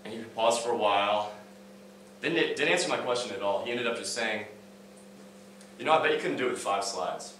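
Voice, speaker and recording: A man's voice: fairly low pitch, expressive, a little fast, pauses often, a bit bright, a little hiss or hum. A young man, a student, giving a casual, story-driven talk on stage with many fillers and restarts. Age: young adult. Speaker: student speaker. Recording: echoey hall, mic at a distance.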